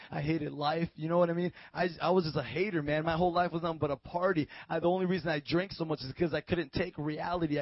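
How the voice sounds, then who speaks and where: A man's voice: fairly high pitch, no echo, highs cut off. A young adult man preaching at a podium, giving his testimony in a casual, slangy way that builds to fervent. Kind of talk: sermon testimony. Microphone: podium mic.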